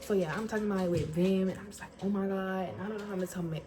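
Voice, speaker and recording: A young woman from Florida telling a casual storytime about getting into college, animated and colloquial, acting out what people said. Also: medium pitch, racing. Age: young adult. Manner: animated, colloquial, acts out quotes. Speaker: incoming college student. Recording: music playing behind voice.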